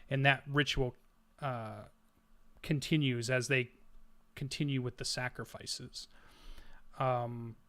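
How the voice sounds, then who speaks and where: Bright-voiced man narrating as game master. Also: mid-range voice. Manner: descriptive, cinematic scene-setting with fillers.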